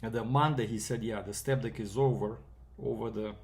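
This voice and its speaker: A man's voice: fairly low pitch, steady tone, brisk, creaky, a little mellow. A man from Canada, a freight broker, telling a rambling casual story with fillers and quoted back-and-forth.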